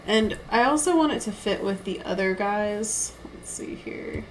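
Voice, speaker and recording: A woman's voice: medium pitch, expressive, a little slow, a little hiss or hum, rough recording. A young woman artist streaming live, thinking aloud and reading chat in a giggly, self-deprecating way. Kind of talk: casual live-stream chat while painting.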